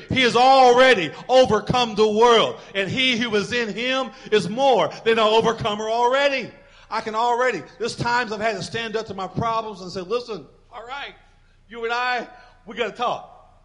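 A man preaching a sermon as pastor, building to emphatic declarations and dropping low to act out quoted voices. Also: moderate pace, fairly bright tone. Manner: acts out quoted voices, dropping to a near whisper.

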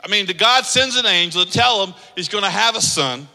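A man's voice: high-pitched, expressive, a little fast, gravelly, bright, forceful tone, in a large hall, low-quality recording. A man preaching a sermon as pastor, emphatic and calling on the congregation to read along. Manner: emphatic, leads the congregation in reading aloud.

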